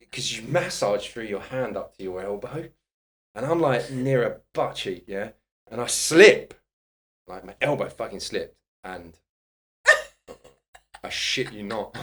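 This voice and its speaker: Animated man telling a story. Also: on the low side. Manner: animated, swearing, laughing storyteller. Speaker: podcast guest, personal trainer. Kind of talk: casual anecdote telling.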